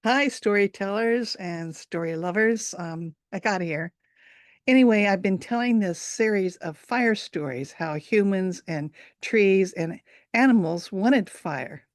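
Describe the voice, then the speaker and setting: A woman storyteller casually introducing her story, chatty and relaxed. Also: mid-range voice, unhurried, no echo, studio quality.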